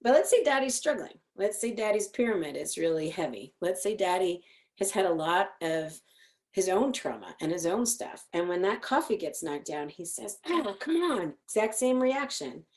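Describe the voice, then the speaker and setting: A middle-aged woman psychologist giving an educational talk, telling lively stories and acting out what people say. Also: fairly low pitch, normal speed. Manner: animated storytelling, acting out quotes. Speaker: clinical psychologist presenting.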